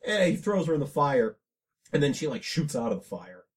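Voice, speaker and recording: A man's voice: on the high side, very animated, brisk. A man co-hosting a podcast, rambling casually about a movie with plenty of fillers and restarts. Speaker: podcast co-host.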